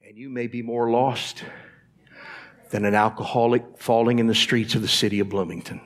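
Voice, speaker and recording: A man's voice: mid-range voice, fairly even intonation, moderate pace. A man preaching a sermon as pastor in a church, talking straight to the congregation and asking them to answer back. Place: church sanctuary.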